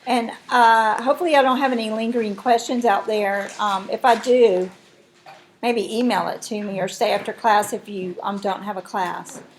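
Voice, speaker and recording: A woman's voice: mid-range voice, fairly even intonation, moderate pace, a little hiss or hum. A woman teaching a math class, walking through steps and checking in with her students. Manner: explains step by step, checks in with students. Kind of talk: classroom lesson.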